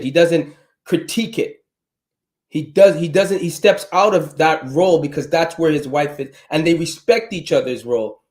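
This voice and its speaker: A man's voice: a little high, darkish tone. A middle-aged man from Trinidad with a Trinidadian accent, talking bluntly and emphatically as a guest in casual chat.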